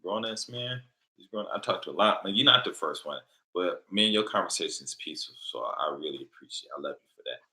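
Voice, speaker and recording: A man's voice: low voice, animated, fast, pushed and bright, low-quality recording. A middle-aged man, hosting a late-night casual livestream chat, rambling bluntly with many fillers and curse words. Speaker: livestream host answering viewer questions.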